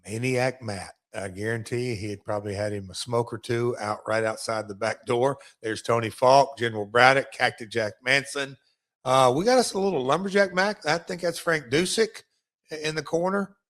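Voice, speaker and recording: A man's voice: mid-range voice, normal speed, a bit bright. A middle-aged man and former wrestler, co-hosting a casual podcast, telling rambling road stories and often restarting his sentences.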